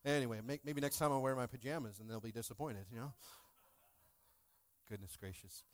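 A man in his thirties preaching a sermon in a church, full of jokes and playful asides to the congregation, swinging between loud bursts and soft asides. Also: medium pitch, fairly even intonation, a little fast. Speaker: pastor. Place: church sanctuary.

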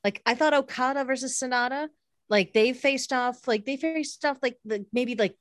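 A woman's voice: sits high, normal speed. A woman co-hosting a wrestling podcast, talking casually in a rambling way with many fillers and restarts. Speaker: podcast co-host. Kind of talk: casual chat.

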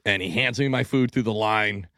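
A man's voice: fairly low pitch, normal speed, sharp tone, no room sound. A man hosting a podcast, telling rants and stories in casual banter, with heavy cursing. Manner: profane, ranting storyteller.

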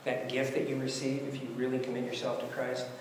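A man's voice: mid-range voice, completely flat delivery, fairly quick, slight background noise. A man preaching a sermon, conversational, asking rhetorical questions as he works through scripture. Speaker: pastor. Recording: echoey hall with long reverb.

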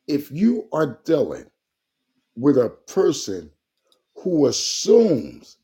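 A man's voice: fairly high pitch, dark tone, slightly rough. A man co-hosting a casual talk show, speaking bluntly in a folksy, colloquial way. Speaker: co-host.

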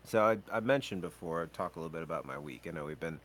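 Deep-voiced man rambling on a podcast. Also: racing, a bit bright. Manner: rambling, restarts sentences. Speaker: podcast co-host. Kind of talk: casual chat.

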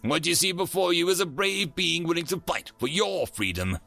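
Man doing a cool steely marine sergeant, grinning confidence, raised pitch, rough edge. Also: expressive, normal speed, pushed and bright, soft background music, exaggerated voice. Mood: cocky. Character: calm, steely human marine staff sergeant.

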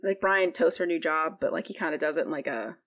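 A woman's voice: low voice, fairly quick, a bit bright. A young woman co-hosting a podcast, recapping a book in a rambling casual chat full of fillers. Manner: rambling, heavy use of "like", frequent fillers. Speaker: podcast co-host.

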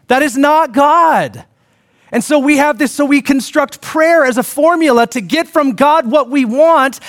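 Male pastor, high voice, conversational sermon delivery with asides and restarts. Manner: animated, conversational preaching with frequent restarts and asides.

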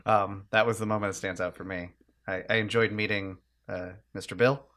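Relaxed man chatting casually. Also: fairly low pitch, normal speed. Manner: relaxed, chuckling, stammering starts. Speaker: podcast co-host and player. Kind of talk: casual chat.

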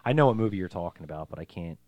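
A man's voice: deep voice, racing, dry recording. A man co-hosting a podcast, chatting casually about a movie, swearing freely and acting out scenes. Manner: animated, swears freely, acts out scenes in funny voices. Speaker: podcast co-host.

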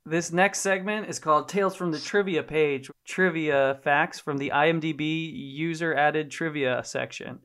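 A man hosting a podcast, wry and low-key, reading out trivia and joking with co-hosts. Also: moderate pace, hardly any pauses, a bit bright, clear, resonant tone. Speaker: podcast host. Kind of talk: casual comedic chat.

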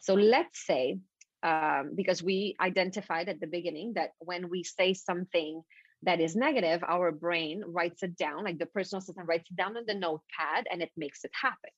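Animated French Canadian woman coach. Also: lowish voice, moderate pace, dry recording. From French-speaking Canada. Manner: animated, repetitive, stumbling restarts. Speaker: mindset coach guest. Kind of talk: explaining a technique on a podcast. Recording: dull lo-fi dry recording.

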